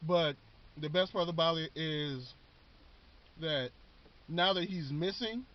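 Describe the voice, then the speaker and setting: Rambling casual man, slightly high voice. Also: slow. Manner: rambling, repeats words, slangy. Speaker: vlogger. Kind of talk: casual show recap while eating. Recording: dull lo-fi recording.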